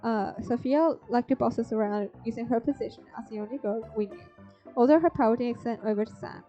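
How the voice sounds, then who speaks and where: A young woman streamer reads a story game's text aloud as a visual novel, interrupting with blunt asides full of swearing. Her voice is fairly high and mellow. The stream audio is a little dull, with faint music.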